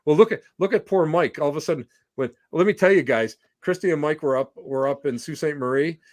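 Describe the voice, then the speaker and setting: A man appears as a guest on a podcast, swapping anecdotes in casual conversation and animatedly acting out the voices of the people in them. He speaks briskly, in a fairly high pitch.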